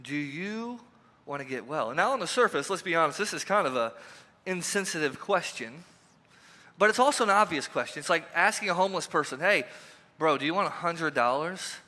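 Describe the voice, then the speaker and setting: A man's voice: a little high, expressive, brisk, bright, forceful tone. A pastor preaching a conversational sermon to his congregation, repeating rhetorical questions and dropping in joking asides. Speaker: lead pastor. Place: church sanctuary. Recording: long hall reverb.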